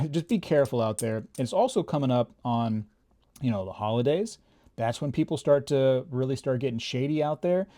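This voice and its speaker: Chatty man with a mellow voice. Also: mid-range voice. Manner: chatty, fillers, emphatic warnings. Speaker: YouTube coin and bullion channel host. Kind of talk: casual talk to camera.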